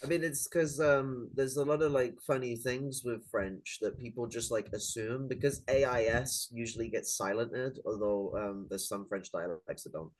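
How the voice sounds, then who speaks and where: A man with a mid-pitched voice talks in a loose, rambling way, packing his sentences with fillers and jokes as he hosts a casual chat. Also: steady tone, moderate pace, few pauses, low-quality recording. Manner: rambling, filler-heavy, joking.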